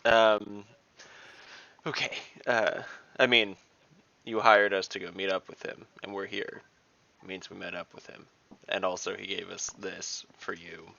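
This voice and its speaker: A man's voice: low voice, level tone, measured pace, creaky, bright, forceful tone. A man speaking in character as a player in an online tabletop game, hesitant and searching for words. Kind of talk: in-character tabletop role-play. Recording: dull lo-fi online call audio.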